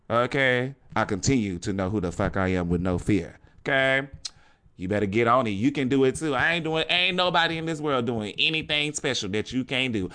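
A man's voice: fairly low pitch, a bit bright. A man hosting a podcast, delivering a casual motivational monologue in a blunt, profane way and often tossing in "okay?". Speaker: podcast host.

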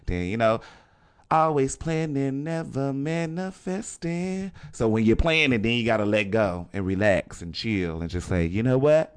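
Guy doing a motivational podcast rant, cusses a lot, keeps saying okay, smooth clear voice, mid pitch. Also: lively intonation, normal speed. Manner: blunt, profane, repeats "okay?". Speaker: podcast host. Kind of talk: casual motivational monologue.

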